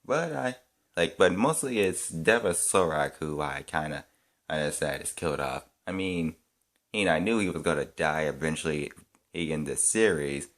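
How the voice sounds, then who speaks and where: This man's voice is a rumbling low with a fairly bright tone. As a fan reviewer sharing casual opinions, he thinks out loud in fragmented bursts, restarting sentences and leaning on fillers.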